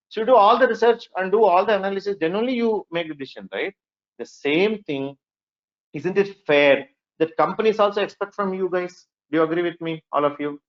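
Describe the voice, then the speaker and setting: Indian guy teaching a workshop class, kinda high voice, keeps going "right?", muffled lo-fi sound. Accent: Indian English. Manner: keeps asking the class "right?" and "would you agree with me?"; lively, mixes in Hindi phrases. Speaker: workshop instructor. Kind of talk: classroom lecture.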